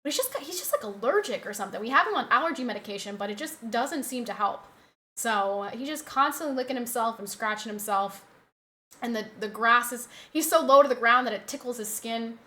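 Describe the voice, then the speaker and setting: Woman, streamer, casual chat, slightly high pitch, bright tone, home desk mic. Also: expressive, fairly quick. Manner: chatty, talks to her dog in a doting voice.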